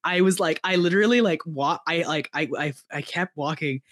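Excitable higher-voiced man, dry mic. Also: fairly quick, no echo. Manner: animated, stammering restarts, swears, laughs often. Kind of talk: casual chat.

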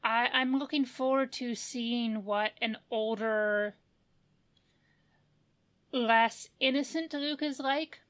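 Unhurried woman weighing her words. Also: on the high side, fairly bright tone. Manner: thoughtful, with restarts and hedging. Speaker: podcast co-host. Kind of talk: casual chat.

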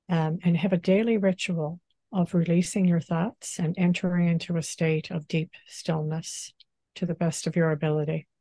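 A woman speaking as a spiritual teacher in an interview, gentle and unhurried, often saying "you know". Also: lowish voice, no echo. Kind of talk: calm spiritual interview talk.

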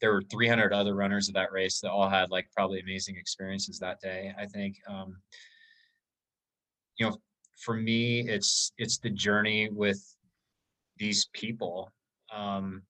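A man's voice: on the low side, level tone, a little slow, pushed and bright, low-quality recording. A man on a podcast, telling an emotional story about an ultramarathon in a casual, rambling way with many fillers.

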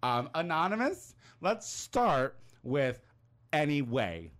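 A man hosting a podcast, reading a listener question and trading crude, joking banter in a casual chat. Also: moderate pace. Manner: crude, joking banter with lively pitch swings. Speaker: podcast host.

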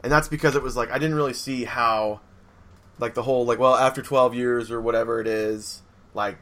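A man's voice: mid-range voice, steady tone, fairly quick, a bit bright. A young man hosting a casual chat, rambling with lots of fillers and acted-out quotes.

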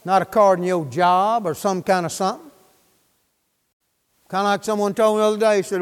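A man's voice: high voice, a little fast, clean tone, long reverb tail. A man preaching a sermon, fervent and folksy, firing questions at his congregation.

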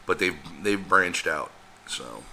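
Deep-voiced man. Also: lively intonation, takes it slowly, vocal fry, sharp tone, slight background noise. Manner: chimes in with short remarks, rambling asides. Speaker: podcast co-host. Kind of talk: casual chat.

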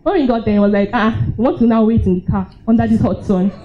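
Lively young Nigerian woman telling a story. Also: a little high, fast, loud music behind the voice, over a noisy crowd. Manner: lively, laughing, acts out her own reactions. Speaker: storyteller at a live event. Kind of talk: personal storytelling. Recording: dull lo-fi live recording.

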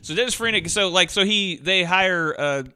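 A man co-hosting a film podcast, with a bright, forward voice that sits a little high. He rambles through plot details and restarts his sentences. Easygoing chat. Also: moderate pace, smooth. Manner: rambling, restarts, laughs along. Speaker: podcast co-host. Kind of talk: casual movie chat.

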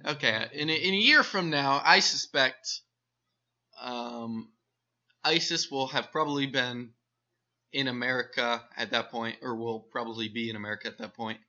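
A man co-hosting a podcast in loose, joking chat, rambling and trailing off while he hunts for words. His voice is very bright and forceful. The recording sounds dull and lo-fi. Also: medium pitch, normal speed. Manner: rambling, jokey, searches for words. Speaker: podcast co-host.

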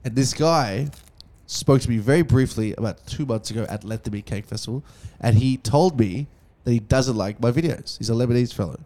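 A young man hosting a casual podcast, telling a story fast, swearing freely, and acting out each person's lines. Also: mid-range voice, mellow. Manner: fast, swearing, acts out dialogue.

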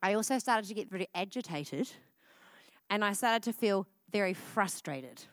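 A woman, preaching a casual, energetic sermon at church. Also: mid-range voice, brisk, no echo. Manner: casual and energetic, with frequent "like" fillers.

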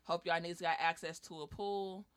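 A woman's voice: fairly low pitch, fairly even intonation, normal speed, clean tone, no echo. A woman co-hosting a podcast in casual, profane, laughing banter, a little drunk. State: tipsy. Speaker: podcast co-host. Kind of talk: casual chat.

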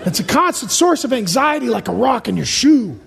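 Man, pastor, comic sermon, rapid-fire punchy lists, long church-hall echo. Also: very high voice, big pitch swings, vocal fry, fairly bright tone, slight background noise. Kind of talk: humorous sermon. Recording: reverberant hall.

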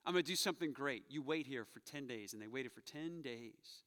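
A man's voice: mid-range voice, fairly quick, fairly bright tone, long reverb tail. A male pastor preaching a sermon in a church, telling the story with animation and acting out quoted voices. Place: church sanctuary.

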